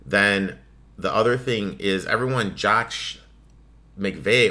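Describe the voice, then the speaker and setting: Deep-voiced, bright-toned male podcast host. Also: takes it slowly. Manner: profane, ranting, offhand. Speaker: sports betting podcast host. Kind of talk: casual solo podcast monologue.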